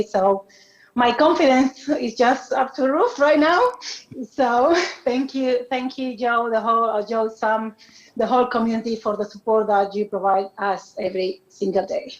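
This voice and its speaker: A woman whose first language is Spanish, giving a halting, emotional acceptance speech over a video call, laughing between her thanks. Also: fairly high pitch, steady tone. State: emotional, close to tears. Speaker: award winner. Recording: muffled video call audio.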